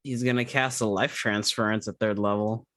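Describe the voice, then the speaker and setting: A man playing a tabletop game with dry, deadpan humor. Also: lowish voice, normal speed, dry recording. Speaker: player.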